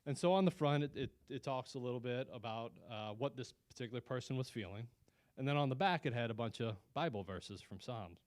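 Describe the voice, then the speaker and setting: A man's voice: mid-range voice, fairly quick, a little mellow. A man giving a personal testimony as guest speaker at a Christian lunch meeting, telling his story in an earnest, conversational way with frequent restarts.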